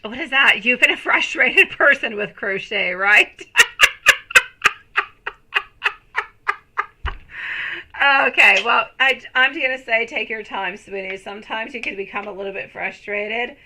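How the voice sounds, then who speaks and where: A woman's voice: a little high, moderate pace, few pauses, background noise. A woman in her thirties reading tarot on a live stream, chatting affectionately with viewers and calling them sweetie and my lovely. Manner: gushing, excited bursts. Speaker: tarot reader.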